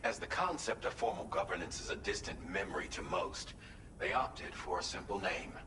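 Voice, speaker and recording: An actor voicing a calm male game character who gives a formal mission briefing in a measured way. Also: low-pitched. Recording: echoey, distant, noisy game audio.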